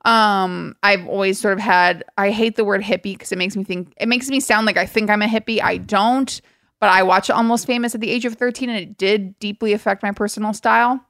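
A woman's voice: medium pitch, fairly even intonation, a little fast, fairly bright tone, dry recording, studio quality. A young woman co-hosting a podcast in casual chat, wry and self-deprecating, telling stories dramatically. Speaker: podcast co-host.

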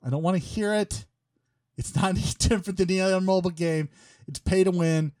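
A man's voice: high voice, fast talker, a little mellow, dry recording, clean studio sound. A man hosting a casual podcast, rambling and joking with many fillers and restarts. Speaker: podcast host.

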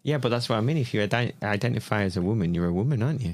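A man co-hosts a loose podcast chat, throwing in quick remarks and laughing often. His voice is very deep yet moves up and down a lot. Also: expressive, darkish tone, no echo. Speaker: podcast co-host. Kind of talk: casual chat.

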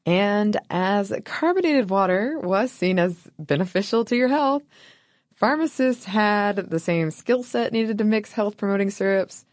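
A woman co-hosting a casual history podcast, deadpan and jokey as she reads her part. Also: mid-range voice, measured pace, no room sound, clean studio sound. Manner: deadpan, jokey, laughs at own lines. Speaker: podcast co-host.

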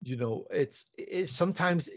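A man speaking as a podcast guest, his voice sitting a little high for a man. He talks emphatically, repeats himself and builds to animated peaks. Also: measured pace. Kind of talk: conversational podcast interview.

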